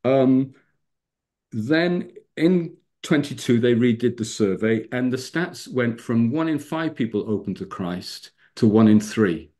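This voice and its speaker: Preacher in his fifties, animated storyteller, sermon over a video call. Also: measured pace. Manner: animated storyteller, rising pitch for emphasis. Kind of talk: sermon with personal stories.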